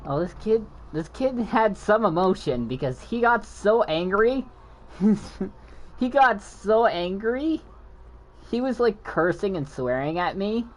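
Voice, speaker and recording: A man's voice: high voice, expressive, slow pace. Man who stutters, telling a rambling story. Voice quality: stutters, mumbles when explaining. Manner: rambling, frequent restarts and backtracking. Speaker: gaming channel host. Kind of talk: casual storytelling chat.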